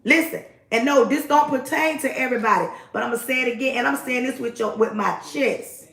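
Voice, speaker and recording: A woman's voice: a little high, fairly quick, vocal fry, a bit bright, reverberant. Emphatic woman hosting a morning livestream. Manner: emphatic, repetitive greetings. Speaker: livestream host. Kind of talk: casual livestream talk.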